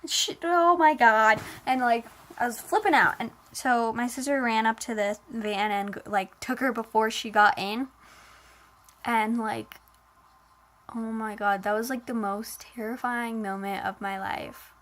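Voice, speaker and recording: A woman tells a personal story in a casual, emotional way, her voice sitting a little high. She piles on filler words and plays up the dramatic moments as she goes. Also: fairly even intonation, measured pace, a bit bright.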